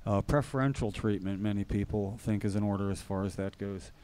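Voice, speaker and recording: Man ranting, mad about politics, mellow darker voice. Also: fairly low pitch, fairly quick. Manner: indignant, ranting. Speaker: talk show co-host. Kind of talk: live political talk show.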